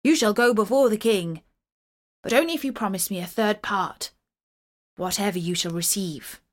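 A woman's voice: mid-range voice, normal speed, lightly acted. A woman voicing a proud, bullying male royal steward with harsh, demanding speech. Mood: marvelling.

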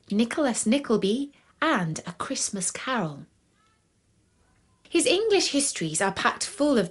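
Woman reading a podcast ad. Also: medium pitch. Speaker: podcast host. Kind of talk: read advertisement.

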